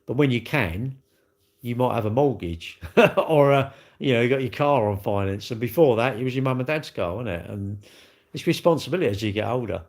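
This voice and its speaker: A man's voice: mid-range voice, animated, fairly quick, a little mellow. Rambling man hosting a livestream. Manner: rambling, repetitive, blunt, chatty. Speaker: livestream host. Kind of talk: casual chat to live viewers.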